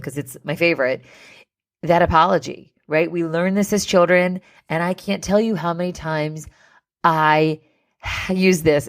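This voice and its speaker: Low-voiced woman giving casual advice. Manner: conversational, many "like" and "right?" fillers. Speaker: podcast host giving wedding advice.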